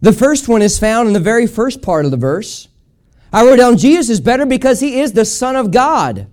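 High-pitched male pastor, emphatic, repetitive sermon delivery with congregation call-outs. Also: very animated, moderate pace, darkish tone. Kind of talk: preached sermon. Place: church service.

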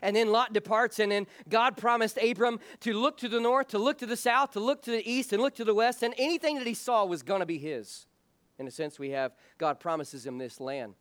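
A man's voice: high voice, brisk, a bit bright, no echo. A man preaching a sermon as pastor, speaking earnestly and frankly, often restarting his phrases.

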